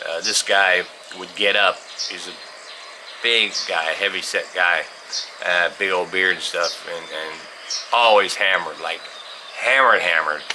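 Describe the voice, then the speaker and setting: A middle-aged man from California telling a rambling story in a casual way, with many fillers and restarts and the odd chuckle. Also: low-pitched. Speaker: vlogger telling stories. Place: outdoors on a farm. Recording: outdoor insect and bird noise. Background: birds and crickets.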